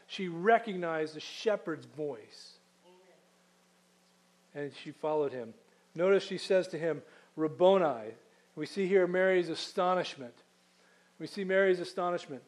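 A man with a high, slightly mellow voice preaches a sermon conversationally. He poses rhetorical questions and slows down when reading scripture aloud.

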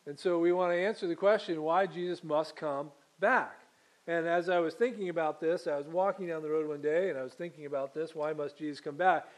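A man pastor preaching a conversational sermon, pausing to quiz the congregation and correcting himself as he goes. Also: on the high side. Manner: self-correcting, many fillers and restarts.

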